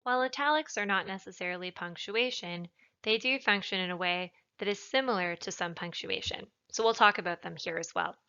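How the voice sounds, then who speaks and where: Woman tutor, bright clear explainer, lesson narration on a dull lo-fi recording. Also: medium pitch, fairly quick. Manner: clear, explanatory, leans on stressed words. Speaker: writing tutor.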